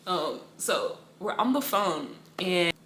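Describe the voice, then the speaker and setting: A woman's voice: fairly low pitch, very animated, slow, fairly bright tone, reverberant, a little hiss or hum. A young woman giving a personal faith testimony in a casual, rambling way, with slang and a lot of repetition. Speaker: Bible study teacher.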